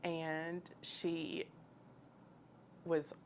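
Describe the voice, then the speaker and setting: A woman's voice: low-pitched, flat delivery, drawn-out words, a little hiss or hum. A woman telling her personal faith story in an earnest, emotional, conversational way. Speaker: guest sharing her testimony.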